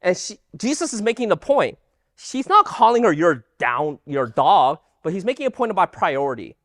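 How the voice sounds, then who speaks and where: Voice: medium pitch, moderate pace, no room sound, studio quality. A Bible teacher giving an emphatic lesson and firing rhetorical questions at the audience. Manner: animated, emphatic delivery.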